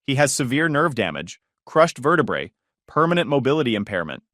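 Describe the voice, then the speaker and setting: A man voicing a calm, clinical male surgeon who speaks in a cold, measured way in a spoken story. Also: mid-range voice, dry recording, studio quality.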